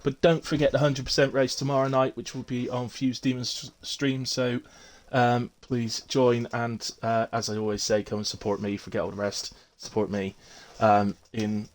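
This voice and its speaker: A man's voice: mid-range voice, little pitch movement, moderate pace, hardly any pauses. A man hosting a casual post-race chat on his live stream, chatty and teasing, with lots of fillers. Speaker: streamer hosting a sim racing league.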